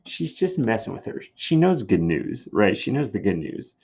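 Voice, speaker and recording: A man's voice: lowish voice, very animated, normal speed, gravelly, darkish tone, slightly rough. A man casually explaining a scene from a play to students, chatty and laid-back. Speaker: teacher. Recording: dull lo-fi recording.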